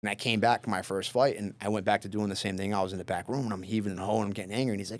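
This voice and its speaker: A man, a professional fighter, telling stories in a loose, casual podcast interview, swearing freely and filling pauses with fillers. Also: fairly low pitch, dry recording. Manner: relaxed, loose and profane, lots of fillers.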